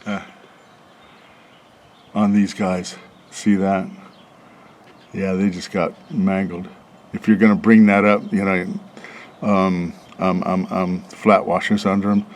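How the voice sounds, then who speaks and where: Low-voiced rambling man outdoors by a truck. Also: little pitch movement, a little slow, slight background noise. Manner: rambling, chuckling, talks to himself while working. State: out of breath from bending over. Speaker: vlogger reviewing a truck job. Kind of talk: casual rambling vlog.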